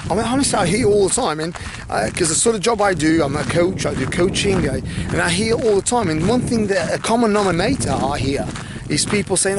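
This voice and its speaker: A man coaching in a blunt, animated motivational talk to camera, swearing freely and acting out people's worried thoughts. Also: a little high, a little hiss or hum. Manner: mimics others' worried thoughts in asides. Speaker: life coach.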